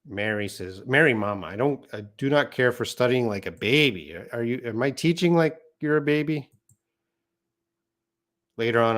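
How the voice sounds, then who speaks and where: A man teaching an English lesson on a live stream, reading out viewer comments and explaining patiently. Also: medium pitch.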